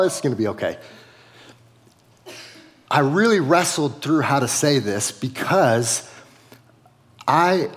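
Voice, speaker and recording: A man's voice: medium pitch, big-room sound. A middle-aged man preaching a sermon as a pastor, conversational, with frequent casual fillers.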